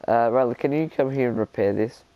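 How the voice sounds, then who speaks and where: A man's voice: medium pitch, brisk, no echo, highs cut off. A young man chatting and laughing with a friend while playing an online game. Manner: laughing, teasing banter. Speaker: gamer recording his gameplay. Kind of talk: casual gaming chat.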